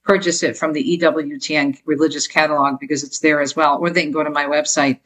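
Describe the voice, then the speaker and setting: A woman's voice: low voice, little pitch movement, fast talker, fairly bright tone. A woman author being interviewed on a talk show, speaking earnestly and telling stories. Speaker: guest author.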